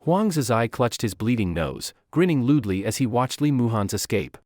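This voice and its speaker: A man's voice: mid-range voice, big pitch swings, moderate pace, a little mellow, no room sound, clean studio sound. Man narrating a story recap. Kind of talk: scripted narration.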